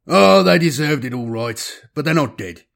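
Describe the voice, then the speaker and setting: A man's voice: fairly high pitch, animated, moderate pace, gravelly, a bit bright, voice pushed up. A man voicing a seasoned, cynical male space traveller who talks in an amused drawl, in a science-fiction audiobook. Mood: wry.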